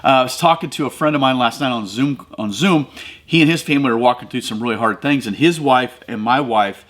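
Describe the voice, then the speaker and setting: A man's voice: medium pitch, brisk, a bit bright. A middle-aged man from the American Midwest hosting a devotional podcast, talking conversationally and building to emphatic, preacher-like runs. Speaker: podcast host.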